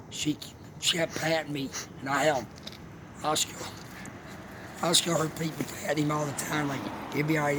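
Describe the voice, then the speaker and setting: A man telling a heartfelt personal story in a rambling, halting way, as a vlogger. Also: a little high. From Alabama. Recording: steady background noise, vehicle sounds.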